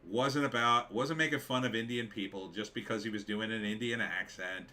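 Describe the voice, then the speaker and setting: A man's voice: on the low side, normal speed, bright, forceful tone. A man hosting a live stream, reading viewer comments aloud and answering them with blunt, dismissive opinions and many fillers.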